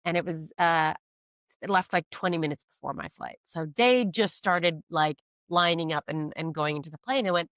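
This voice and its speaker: A woman with a slightly low voice tells a rambling, self-mocking story in a casual podcast chat. She acts out the people in it as she goes. The sound is dry and close, with no room around it. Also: normal speed, dry recording. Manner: animated, self-mocking storyteller acting out quotes. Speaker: podcast guest, comedian.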